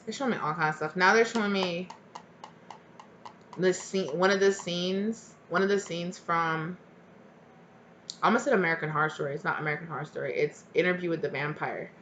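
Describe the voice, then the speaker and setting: A woman's voice: on the low side, fairly quick, fairly bright tone, muffled recording, slight background noise. Chatty, blunt woman tarot reader. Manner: chatty and blunt, swears freely, rambles. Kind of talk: casual tarot reading to viewers.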